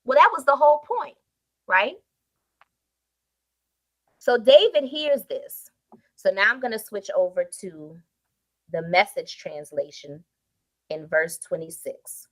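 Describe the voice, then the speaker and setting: A woman preacher retelling a Bible story in a sermon with emphatic storytelling and sudden swings in loudness. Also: medium pitch, animated, takes it slowly, long pauses.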